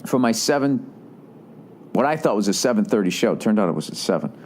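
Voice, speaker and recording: A man's voice: lowish voice, expressive, a little fast, a little mellow, slight background noise. A man hosting a podcast, telling a story in an exasperated, sarcastic rant full of swearing. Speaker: podcast host. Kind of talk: profane ranting storytelling.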